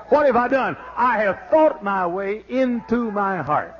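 A man preaching a fiery sermon as pastor, exclaiming and shouting praise. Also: high-pitched, big pitch swings, a little slow, hardly any pauses, a little hiss or hum. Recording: dull lo-fi archive sermon tape.

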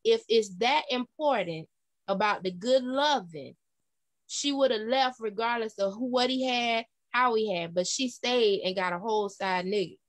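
A woman podcast co-host in casual chat, who makes her point deliberately and repeats it. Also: a little high, dry recording.

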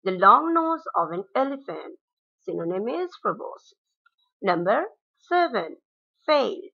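A woman's voice: medium pitch, very animated, vocal fry, slightly rough. Woman teaching vocabulary. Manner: reads words and meanings in a measured classroom cadence, switching into Bengali glosses. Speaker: school English teacher. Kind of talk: slide-based vocabulary lesson. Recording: dull lo-fi recording.

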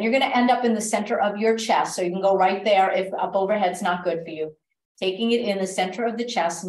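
A woman instructor guiding a stretch class with calm, step-by-step cues and gentle reminders, recorded in a library class room. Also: mid-range voice. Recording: echoey room, voice from a distance.

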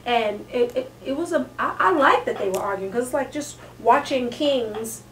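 A woman comedian co-hosting a casual talk show, animated and quick to laugh, recorded in an echoey room away from the mic. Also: a little high, distant mic, slight background noise. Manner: animated, breaks into laughs and acted-out quotes. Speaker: comedian co-host. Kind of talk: casual chat.

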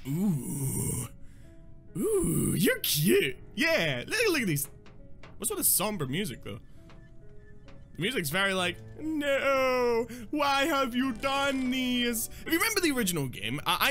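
A young man playing through a game on camera, his voice high and bright with very wide swings in pitch. He reacts loudly, swears freely and keeps up silly running commentary. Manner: excitable, swearing, laughing, silly asides. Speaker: gaming YouTuber. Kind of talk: Let's Play commentary.

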